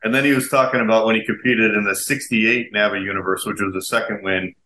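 A man hosting a podcast, telling stories in a casual, animated way and laughing often. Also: lowish voice, quick pace. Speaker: podcast host. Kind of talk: casual interview chat. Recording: echoey room with faint ambience.

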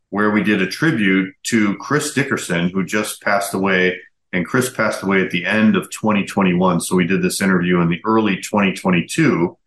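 Deep-voiced podcast host in an echoey room. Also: male voice, a bit bright. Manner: affirming listener with quick interjections. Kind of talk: podcast interview and narration. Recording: roomy echo.

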